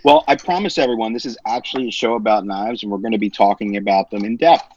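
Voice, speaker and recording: A man with a New Jersey accent hosting a casual podcast, teasing his co-hosts with quick, joking banter. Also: on the low side, darkish tone, a little hiss or hum. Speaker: podcast host. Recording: slightly dull lo-fi sound.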